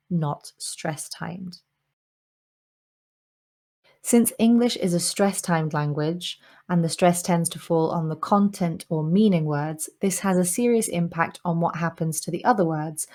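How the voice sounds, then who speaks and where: Woman teaching English pronunciation clearly. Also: on the low side, a little mellow. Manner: clear, measured delivery with deliberately slowed example sentences. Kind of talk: scripted explanatory lesson.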